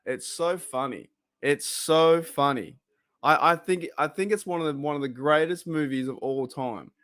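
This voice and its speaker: A man's voice: a little high, moderate pace, a bit bright. A man with an Australian accent hosting a football watch-party live stream, chatting casually and reacting aloud to the game.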